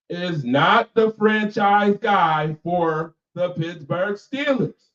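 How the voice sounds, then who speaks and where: A man's voice: high voice, animated, slow pace, fairly bright tone. A man hosting a radio show, ranting casually and emphatically about football, repeating lines for effect. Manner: laughs between remarks. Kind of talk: casual sports rant. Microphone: personal microphone. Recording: echoey, distant, dull mic sound.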